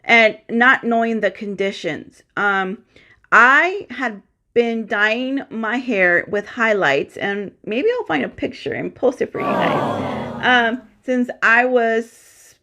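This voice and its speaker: A woman in her thirties with a bright, clear voice, talking casually straight to her viewers. She chats in a loose, personal way and acts out the back-and-forth of conversations she remembers. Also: on the high side, expressive, slow pace. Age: 30s. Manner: chatty, addresses viewers as guys, acts out dialogue. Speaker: vlogger sharing a personal story.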